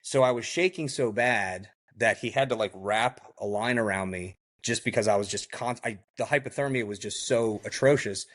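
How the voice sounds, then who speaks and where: A man who is a podcast guest, telling a survival story in a lively way and acting out what others said, often saying "like" and "you know.". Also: fairly low pitch, moderate pace, hardly any pauses. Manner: heavy use of "like" and "you know".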